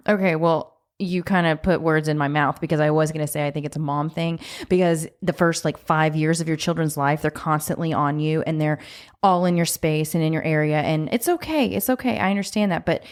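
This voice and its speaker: Podcast co-host, woman in her thirties, lower voice, frank and candid. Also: brisk. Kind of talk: casual conversation.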